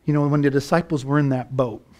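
A man's voice: mid-range voice, fairly even intonation, fast, mellow. A middle-aged man preaching a sermon as pastor, building fervor and firing rhetorical questions at his congregation.

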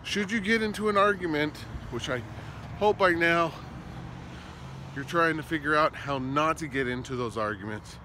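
A man giving casual advice while out on a walk, talking in an animated way that swings between loud emphasis and soft, slow asides. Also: a little high. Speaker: vlogger. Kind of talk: walking vlog, casual advice talk. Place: outdoors on a walk, street traffic nearby. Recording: faint outdoor street noise.

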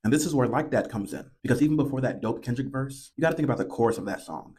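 A man narrating a scripted video essay with a measured, analytical delivery. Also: medium pitch, animated, a little mellow, husky.

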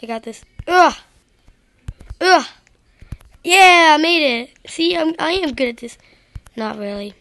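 A woman's voice: high-pitched, expressive, a little slow, long pauses, fairly bright tone, dry recording. A woman giving rambling, self-deprecating gameplay commentary straight to her viewers. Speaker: gaming video creator.

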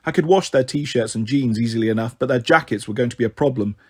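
A man narrating a children's novel in a steady first-person reading. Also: mid-range voice, quick pace, husky. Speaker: storyteller.

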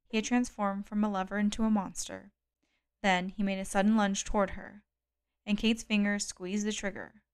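A woman reading a thriller audiobook aloud in a measured, calm storytelling manner. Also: medium pitch, clear, resonant tone. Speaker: audiobook reader. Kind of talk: scripted narration.

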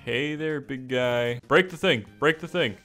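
A man streaming a game, talking casually to chat, excitable, jokey and swearing, with faint music behind him. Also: medium pitch, a little slow. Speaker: gaming streamer. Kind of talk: casual gameplay commentary to chat.

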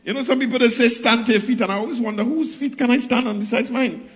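A man preaches in a church, his voice sitting very high for a man. He reads long passages of scripture and then rises to call out to the congregation. The sound rings with the long reverb of a church hall. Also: quick pace. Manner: preaching with scripture readings, rising and calling out to the congregation. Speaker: pastor. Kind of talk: sermon.

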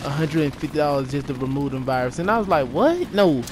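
A man telling a story to his viewers in a casual vlog, animated and rambling, repeating himself and tossing in "yo". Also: medium pitch, quick pace. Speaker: YouTuber. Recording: noisy with game gunfire behind.

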